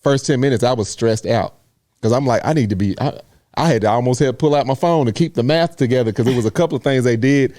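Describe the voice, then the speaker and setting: A man in casual chat, a proud parent telling an animated story full of slang. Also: mid-range voice, fast talker, no echo, clean studio sound.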